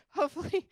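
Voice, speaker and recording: A woman giving an energetic motivational talk on a conference stage, speaking bluntly and casually, swearing freely and laughing often. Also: extremely high pitch, no echo. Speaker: conference speaker and sales coach. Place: conference stage before a live audience.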